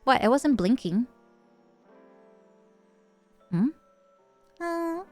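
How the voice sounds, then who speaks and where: A woman's voice: high voice, big pitch swings, drawn-out words, darkish tone. A young woman with a Dutch accent, a native Dutch speaker, streaming and chatting casually with viewers, giggly and playful. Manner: giggly, playful, chatty, reading chat aloud. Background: faint background music.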